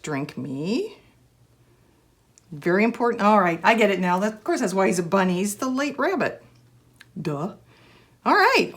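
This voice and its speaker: A woman hosting a casual crafting vlog, giggling and gushing as she squeals over cute stickers. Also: medium pitch. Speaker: crafting channel host.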